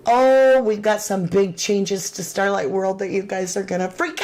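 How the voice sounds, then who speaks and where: A woman's voice: medium pitch, a little slow. A woman hosting a true crime livestream, chatting casually and reading viewer comments aloud. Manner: chatty, animated, Southern-tinged slang.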